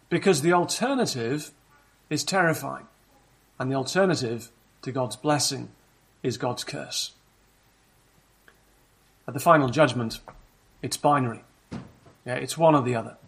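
Husky-voiced man preaching a sermon. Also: mid-range voice. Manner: measured, explanatory preaching with rhetorical questions.

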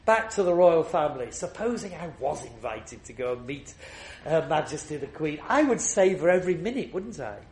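A man preaching in a roomy, echoing space, his voice sitting a little higher than most men's. He tells a personal story, then climbs into strong, repeated refrains. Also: sing-song, normal speed, darkish tone. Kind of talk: sermon.

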